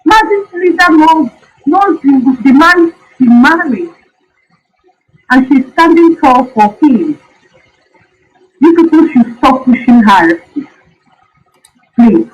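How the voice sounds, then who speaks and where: Tearful high-voiced woman pleading. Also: expressive, takes it slowly, pauses often. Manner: pleading, repeating herself. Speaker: caller. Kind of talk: emotional plea to a live online show. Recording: dull lo-fi call audio.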